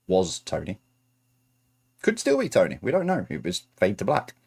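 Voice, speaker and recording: A man's voice: low-pitched, huge pitch swings, normal speed, gravelly, a little mellow, husky. Chatty man reading quiz answers. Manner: chatty, self-correcting asides. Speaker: quiz host.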